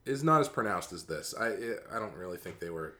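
Male co-host, low voice, relaxed conversational delivery that trails off. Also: a little fast. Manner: relaxed, thoughtful, trailing off mid-sentence. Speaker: podcast co-host. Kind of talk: casual chat about a cartoon.

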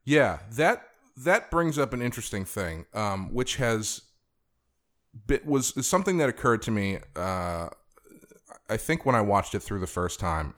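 A man's voice: lowish voice, a bit bright. A man co-hosting a podcast, talking through a TV show in a thoughtful, rambling way. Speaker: podcast co-host. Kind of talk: casual TV discussion.

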